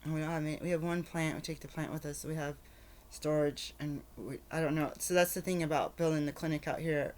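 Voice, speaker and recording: A woman's voice: low-pitched, steady tone, fast, darkish tone. A woman vlogger talking casually at home, rambling and chatty with fillers. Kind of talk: casual vlog chat. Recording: noisy background ambience.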